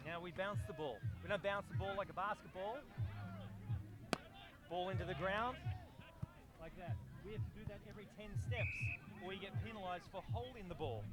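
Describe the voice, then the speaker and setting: A man, loudly and bossily coaching footy in comedic banter outdoors. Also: high-pitched. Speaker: host teaching Aussie rules football.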